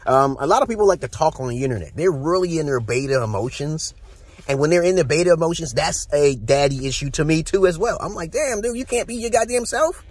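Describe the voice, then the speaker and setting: Blunt, husky New York man ranting. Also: on the high side, animated, quick pace. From Brooklyn, New York, USA. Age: 40s. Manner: blunt, profane, preachy. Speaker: vlogger. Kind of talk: casual rant to camera.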